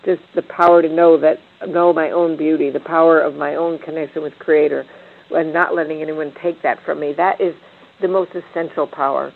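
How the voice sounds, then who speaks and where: Gravelly older woman on a tinny line. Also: low voice, steady tone, normal speed. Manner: meandering, many restarts and fillers. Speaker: discussion leader. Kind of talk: reflective panel talk.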